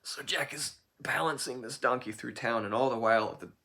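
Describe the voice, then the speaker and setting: A man telling a folk tale in an informal, improvised way, relaxed and correcting himself as he goes. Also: medium pitch, moderate pace. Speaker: storyteller.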